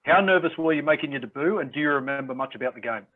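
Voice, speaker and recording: A man's voice: a little high, racing. Easygoing male co-host on a tinny line. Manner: easygoing, chimes in with short agreement. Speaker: podcast co-host. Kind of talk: casual chat.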